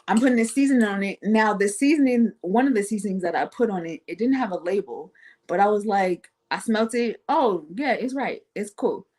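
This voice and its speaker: A woman's voice: mid-range voice, a little fast. A woman guest on a talk show, telling a personal story casually and acting out the voices of the people in it. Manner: animated, acts out quoted voices.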